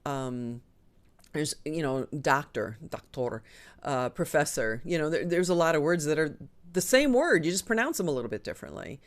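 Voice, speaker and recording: A woman hosting a live online show, chatting casually and enthusiastically with frequent ums and a lively, swinging delivery. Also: low-pitched, brisk. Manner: chatty and enthusiastic, talks with her hands in the air of her voice, frequent ums. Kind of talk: casual live-stream chat.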